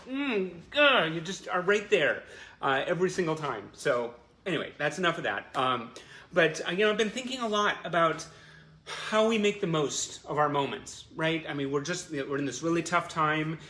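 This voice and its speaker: An effusive man chats warmly to viewers on a livestream, his voice bright and a little higher than most men's. He circles back on his words, stumbling through fillers as feelings rise. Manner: emotional, effusive, many fillers and restarts. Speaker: host of a fan livestream. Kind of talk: casual heartfelt chat to viewers.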